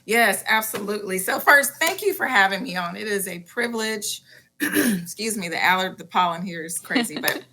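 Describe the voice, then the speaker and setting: A woman in her forties from Memphis answers questions as a podcast guest. Her voice sounds bright and forceful, and she speaks in a warm, grateful, emotional way. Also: medium pitch, lively intonation, moderate pace. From Memphis, Tennessee. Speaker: guest, cheer coordinator. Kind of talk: interview answers.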